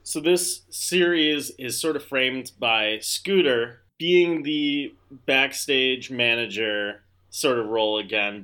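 Bright-voiced male podcast host. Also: medium pitch, smooth. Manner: laid-back, loose, swears freely. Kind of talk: casual chat.

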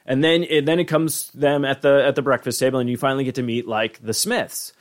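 A man's voice: mid-range voice, fairly even intonation, a little fast. A man hosting a podcast in casual chat, rambling with many restarts and swearing freely. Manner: rambling, profane, frequent restarts. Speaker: podcast host.

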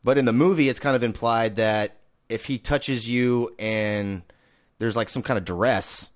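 A man's voice: mid-range voice, steady tone, a little slow, no room sound, clean studio sound. A man co-hosting a casual movie review podcast, laid-back and swearing, arguing his points. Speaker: podcast co-host.

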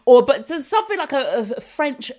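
A woman co-hosting a podcast, casually retelling a teen movie plot with lively asides and quick acted-out lines. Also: sits high. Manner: animated, acts out characters' lines in quick voices. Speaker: podcast co-host.

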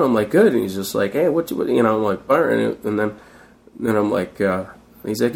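A man's voice: mid-range voice, brisk, vocal fry, a little mellow. A middle-aged man in a casual interview, telling rambling stories and acting out what others said. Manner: rambling, acts out quoted voices. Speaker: guest, street performer.

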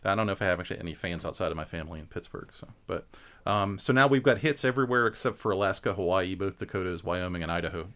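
A podcast host with a deep, fairly bright voice talks quickly in casual banter. He rambles, using many fillers and restarts.

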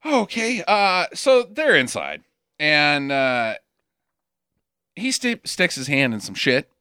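Joking man with a bright, lively voice. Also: fairly high pitch, slow, clean tone, no room sound, clean studio sound. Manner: sarcastic, joking, swearing. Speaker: podcast co-host. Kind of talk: casual movie-recap chat.

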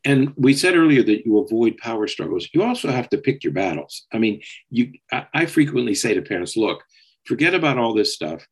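A man co-hosting a podcast, explaining parenting advice in a steady way and often checking in with "okay?". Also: medium pitch, a little fast, breathy edge, rough recording. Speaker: psychologist co-host. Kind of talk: casual podcast discussion.

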